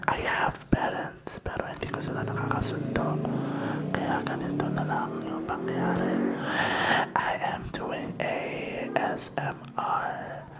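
A man with a Filipino accent hosting a whispered ASMR podcast, talking softly and rambling to his listeners while he switches between languages. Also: medium pitch, wildly swooping pitch, unhurried, gravelly. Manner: soft, rambling, code-switching, talks to listeners. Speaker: podcast host. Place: small home studio.

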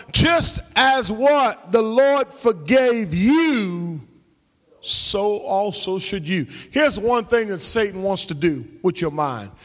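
A man preaching a sermon as pastor, calling out to the congregation and rising into shouts and half-sung lines. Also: very high-pitched, big-room sound. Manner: call-and-response preaching, shouting and half-singing. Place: church sanctuary.

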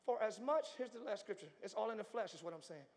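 A male pastor preaching a live sermon in a large church, moving from hushed talk to shouting. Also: high voice, expressive, fast. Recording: long church hall reverb.

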